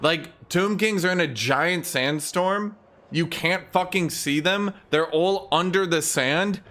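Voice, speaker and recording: A man giving casual, ranting gameplay commentary, animated and profane, as a content creator. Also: high voice, slow.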